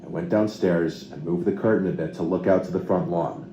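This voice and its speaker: A man calmly narrating a true horror story in scripted style. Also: sits low, brisk, muffled recording, slight background noise. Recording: echoey with loud music bed.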